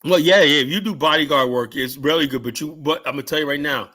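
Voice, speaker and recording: Rambling man telling stories, fairly high voice. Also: quick pace. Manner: rambling storyteller, keeps adding "right?" and "whatnot", shouts out quoted lines. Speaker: guest telling security stories. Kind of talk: casual podcast chat.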